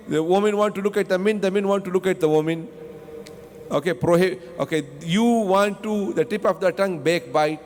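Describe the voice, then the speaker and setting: A Quran teacher with a high-sitting voice teaches a mosque tafseer lesson in a large hall, with a little hiss or hum. Speaking non-native English with Arabic terms, he asks the class questions, answers them himself, and often repeats himself.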